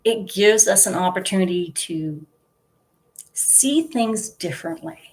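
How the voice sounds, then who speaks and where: A woman in her fifties talks to her viewers at a slow, unhurried pace, her voice sitting at an ordinary middle pitch. She rambles through homey stories, breaking into giggles and leaning on lots of fillers. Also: lively intonation, darkish tone. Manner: chatty, giggly storytelling with many fillers. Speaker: vlogger. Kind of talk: casual chat.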